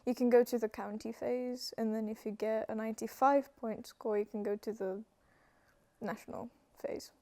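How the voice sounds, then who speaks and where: A teenage girl from Romania, a native Romanian speaker, answering interview questions in a soft-spoken, hesitant, thoughtful way. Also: fairly high pitch. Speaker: student guest. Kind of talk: casual interview.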